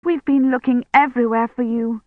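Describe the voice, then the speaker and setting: Woman doing a gentle, protective young woman. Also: medium pitch, normal speed, no room sound, natural voice. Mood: anxious. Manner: gentle and soothing. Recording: dry, tinny phone-like sound.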